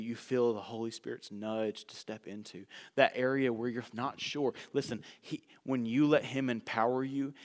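Preaching in a church sanctuary, this man, who calls himself a fast talker, slows when making a point and moves from loud bursts to hushed remarks. His voice is mid-range, heard with the echoey reverb of a church hall.

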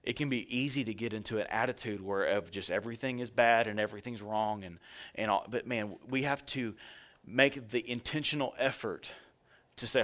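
A man's voice: lowish voice, normal speed, a bit bright. A male pastor giving a sermon in a conversational, joking way, speaking directly to his congregation.

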